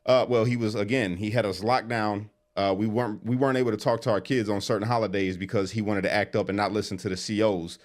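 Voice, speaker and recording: Guy rattling off a story fast, lowish voice, acts out what people said. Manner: animated, quick storyteller who acts out quotes. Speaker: interview guest. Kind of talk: casual storytelling.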